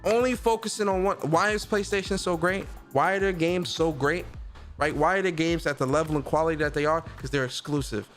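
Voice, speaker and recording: A man hosting a gaming livestream, chatting in a loose, slangy, animated way. His voice sits a bit on the high side, and faint music plays under him. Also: brisk. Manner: slangy and animated, reads out chat comments. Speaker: host of a gaming news stream. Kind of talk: casual livestream chat.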